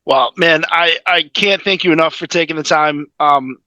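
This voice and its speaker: A man hosting a relaxed interview in a bright, sharp voice with a somewhat high pitch. The sound is dry and close. He mostly chimes in briefly and wraps things up. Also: normal speed, no room sound. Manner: brief reactions and laughs. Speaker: podcast host. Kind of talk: casual interview.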